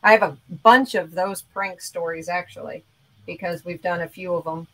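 A woman hosting a casual crafting chat, telling a family story in a relaxed way with lots of ums and ands. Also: on the low side, moderate pace, low-quality recording.

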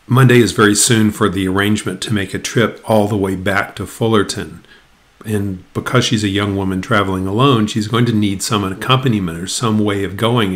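A man giving a literature lecture, retelling the plot and reading passages aloud in a measured, explanatory way. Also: on the low side.

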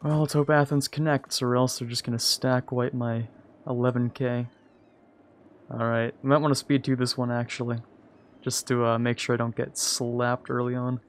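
A man's voice: medium pitch, little pitch movement, normal speed, a little hiss or hum. A young man hosting a multiplayer strategy game session, thinking aloud and chuckling between moves. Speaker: host playing a strategy game. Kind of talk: casual gaming chat.

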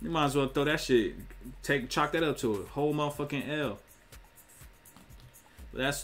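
A man's voice: mid-range voice, a bit bright. Blunt, profane man ranting. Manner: profane, blunt, slangy, acts out quick voices. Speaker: online commentator. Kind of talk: casual opinion rant to camera.

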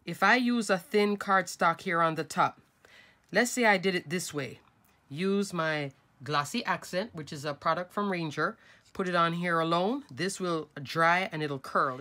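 A middle-aged woman with a slightly low voice, sounding nasal from a cold, talks viewers through a craft project. Her delivery is chatty and informal, and she calls her audience folks and crafters as she works at her desk. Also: unhurried, fairly bright tone. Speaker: craft tutorial host. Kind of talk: casual step-by-step craft tutorial.

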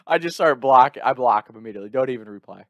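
A man's voice: mid-range voice, dry recording, muffled recording. Young man telling a story, dry sound. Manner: animated, swearing, quick asides and restarts. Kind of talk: casual storytelling.

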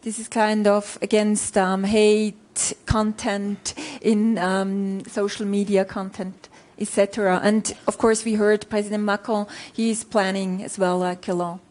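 Hesitant woman panelist, slow-spoken. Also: medium pitch, little pitch movement, darkish tone. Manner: hesitant, filler-heavy. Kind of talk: panel discussion.

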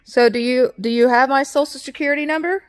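A woman's voice: high voice, quick pace. A woman on a phone call who is polite, plays confused and keeps asking questions back. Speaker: call recipient.

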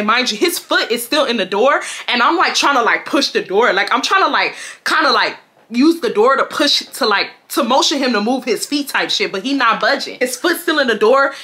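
A woman in her twenties from Houston, telling a storytime to her viewers in a casual, slangy, animated way, swearing often and jumping into high shrieks when she quotes people. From Houston, Texas. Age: 20s. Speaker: storytime vlogger.

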